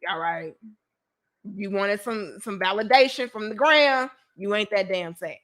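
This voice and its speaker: A woman's voice: medium pitch, unhurried, fairly bright tone. A woman hosting a casual commentary show, talking straight to her viewers in a slangy, blunt, teasing way with some swearing. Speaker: host.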